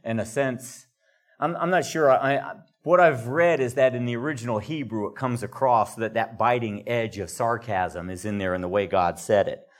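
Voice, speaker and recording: A man leading a conversational Bible study, explaining verses in a relaxed way with chatty asides. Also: medium pitch, normal speed, few pauses.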